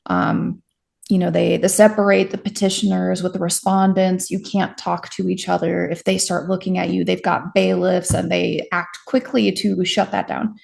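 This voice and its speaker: Interviewed about surviving stalking, a young woman tells her story frankly, with self-deprecating humor and lots of restarts. Her voice is lowish, level and darkish, with vocal fry, at a moderate pace.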